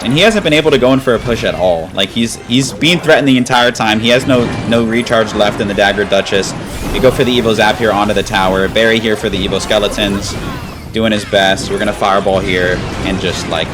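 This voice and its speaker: A man's voice: on the low side, a little fast, noisy background. A man giving casual live commentary over his own gameplay, calling out his plays and cheering on key moments. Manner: casual, breaks into excited chanting at big moments. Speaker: gaming commentator. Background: background music.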